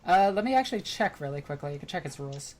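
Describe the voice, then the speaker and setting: A woman with a New York accent speaks in a notably low voice, blunt and casual. She reads out details in an offhand manner as a podcast co-host. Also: animated, fast, crowd noise. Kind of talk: casual chat.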